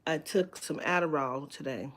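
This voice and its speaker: A woman's voice: deep voice, normal speed. A woman chatting on a live stream from home, rambling and candid, swearing freely with lots of fillers. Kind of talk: casual live-stream chat.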